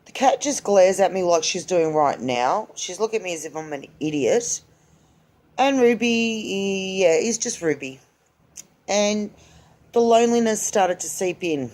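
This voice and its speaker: Her voice is mid-range and darkish as she, a woman in her forties, talks casually to her camera on her own. The chat wanders, with frequent restarts after stopping mid-thought, and she sounds frank with an easy lilt.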